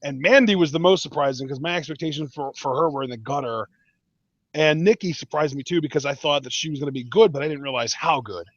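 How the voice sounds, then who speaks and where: A man's voice: a little high, fast talker, no room sound. A man co-hosting a casual wrestling review podcast, giving emphatic, opinionated takes with frequent restarts. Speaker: podcast co-host. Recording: dull lo-fi dry podcast audio.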